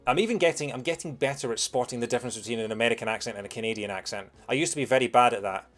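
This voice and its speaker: A man's voice: mid-range voice, racing, a bit bright, faint music behind. A young British man giving casual commentary while playing a video game, rambling with lots of fillers as he answers chat.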